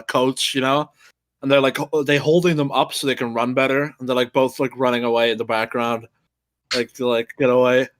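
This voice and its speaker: A young man riffing casually on a video with a co-host, excitable and swearing, repeating words as he goes. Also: medium pitch, no room sound.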